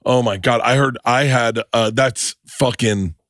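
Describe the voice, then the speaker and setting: A man's voice: mid-range voice, unhurried, fairly bright tone, no room sound, studio quality. A man hosting a podcast, mostly giving short reactions and laughs to a guest's story. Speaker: podcast host. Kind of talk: casual chat, reacting.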